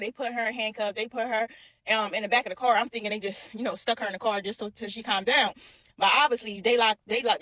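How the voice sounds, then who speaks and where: Young woman, casual storyteller; quick delivery, bright-ish high voice, keeps repeating lines. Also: no echo. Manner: animated, repeats herself, addresses viewers as y'all.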